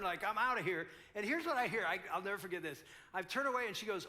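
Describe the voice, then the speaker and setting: An American man in his sixties gives a conference talk, telling an animated, self-deprecating story to a live audience. His voice is high for a man, bright and forward, and he races along with few pauses.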